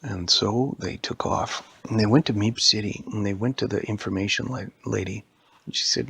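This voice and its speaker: A man improvising a bedtime story for a child in a quiet bedroom, soft and meandering. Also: fairly low pitch, fairly even intonation, moderate pace, vocal fry, a little hiss or hum. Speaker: father telling a bedtime story.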